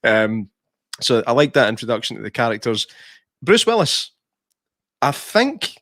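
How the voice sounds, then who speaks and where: A man's voice: medium pitch, big pitch swings, measured pace, a bit bright, dry recording, clean studio sound. A man, co-hosting a podcast in a casual film review chat, laughing often and restarting his sentences. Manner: chatty, laughs often, many restarts and fillers. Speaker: podcast co-host.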